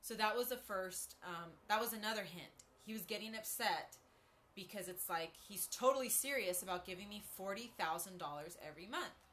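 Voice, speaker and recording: Chatty bright-voiced woman live-streaming. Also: medium pitch, normal speed. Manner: chatty, greets viewers mid-story, frequent ums and asides. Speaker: livestreamer. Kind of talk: casual live-stream talk to viewers.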